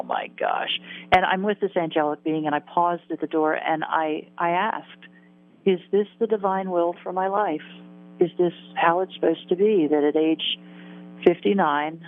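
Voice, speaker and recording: A woman in her sixties, an interview guest, tells a personal story in an earnest, vivid way, repeating phrases for emphasis. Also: fairly low pitch. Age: 60s. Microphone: telephone. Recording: tinny phone line.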